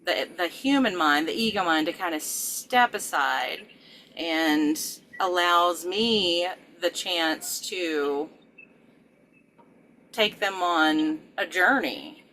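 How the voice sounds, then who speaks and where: A woman's voice: lowish voice, takes it slowly, sharp tone, slight background noise, low-quality recording. A middle-aged woman, a regression therapist, talking casually with many fillers and restarts. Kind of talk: casual conversation.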